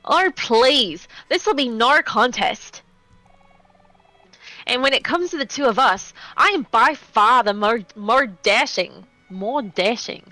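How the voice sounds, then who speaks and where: A woman's voice: a little high, animated, slow, sharp tone, no echo, exaggerated voice, rough recording. A woman voicing a boastful male mole twin rival, showy and self-assured.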